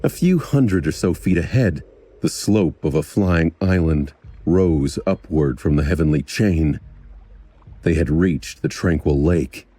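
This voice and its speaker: A male narrator reading a fantasy audiobook with a low, husky voice. His tone is dark and mellow, and his delivery is measured and even. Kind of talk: scripted narration.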